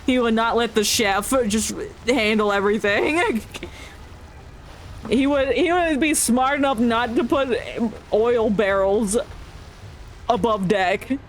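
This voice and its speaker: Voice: medium pitch, slow, a little hiss or hum. A streamer who reads a game's story aloud and breaks in with playful, joking reactions and frequent laughter. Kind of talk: reading game story aloud with live reactions.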